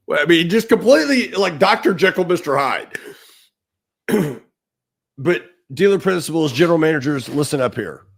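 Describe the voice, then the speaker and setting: A middle-aged man co-hosting a podcast, telling an animated story and acting out the quotes. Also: medium pitch, creaky. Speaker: podcast co-host. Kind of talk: storytelling in casual podcast talk.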